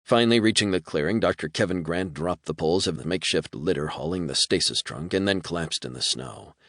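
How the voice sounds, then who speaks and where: A man narrating an audiobook in a measured, storytelling manner. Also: low voice, fairly bright tone, no echo, clean studio sound. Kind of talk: scripted narration.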